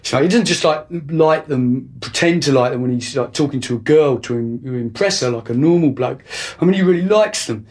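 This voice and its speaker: A man's voice: medium pitch, a little fast, few pauses, a little mellow. A young man delivering a rambling, hesitant comic monologue full of restarts. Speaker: comedy monologue performer.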